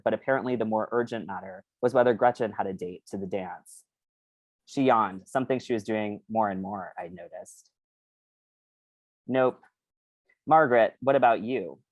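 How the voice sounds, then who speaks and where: This fairly low-voiced man reads his novel to a bookstore audience before describing the writing process in a stop-start way, heavy on fillers. The audio has no room sound and its highs are cut off.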